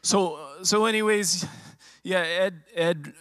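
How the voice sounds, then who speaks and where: A man giving a personal testimony to his church congregation, emotional and halting, often repeating and restarting his words into a handheld microphone. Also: high-pitched, a bit bright. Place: church sanctuary.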